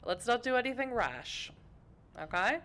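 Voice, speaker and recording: A woman's voice: fairly high pitch, big pitch swings, measured pace, a bit bright, pitched above the performer's own voice. A woman voicing a cautious young female vampire fledgling in plain, careful replies, reading a narrative game aloud on stream.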